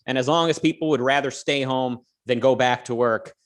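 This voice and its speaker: A man's voice: mid-range voice, fairly quick. A man co-hosting a casual livestream, talking loosely and joking, with plenty of fillers and restarts. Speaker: co-host.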